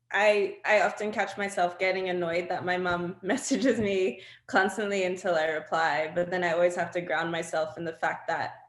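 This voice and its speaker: A woman's voice: lowish voice, reverberant. Woman telling candid stories. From Australia. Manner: animated storytelling, laughs often, many fillers. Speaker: guest artist. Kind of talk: candid conversational interview.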